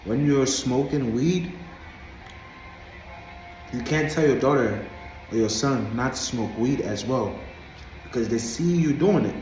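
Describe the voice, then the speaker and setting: A man from Africa talking to camera in a preachy, emphatic monologue, hammering the same points again and again. His voice sits at a middle pitch. The room is echoey, with faint music behind. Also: a little mellow. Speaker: vlogger.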